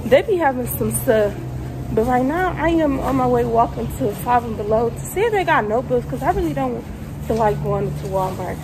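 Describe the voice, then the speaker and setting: A young woman with a fairly high voice chats to her viewers on a phone while out on errands, sometimes short of breath from walking. She sounds easily exasperated and talks straight to the camera. Faint traffic and street noise sit behind her. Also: animated, brisk. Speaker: vlogger. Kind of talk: casual vlog chat to viewers. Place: out and about, walking and driving.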